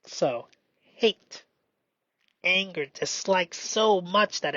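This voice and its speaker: A man doing a slow, meditative spoken self-reflection, halting and often dropping into a whisper. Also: high-pitched, expressive, bright, forceful tone, no echo. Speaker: solo performer. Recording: dull lo-fi dry recording.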